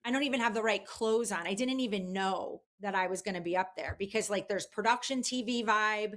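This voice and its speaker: A woman guest in a casual interview, telling an animated story with lots of fillers. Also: mid-range voice, a little fast. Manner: chatty, animated, many fillers. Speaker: guest, publicist.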